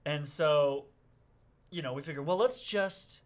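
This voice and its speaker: A middle-aged man casually telling a story on a podcast, acting out the people he quotes with sudden loud outbursts. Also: a little high, measured pace. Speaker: podcast guest.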